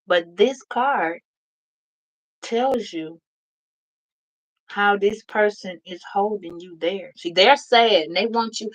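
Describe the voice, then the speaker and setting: In a casual tarot reading aimed right at her viewers, a woman speaks bluntly, with emphasis and plenty of profanity. She has a mid-range, expressive voice and takes her time, but the audio quality is poor.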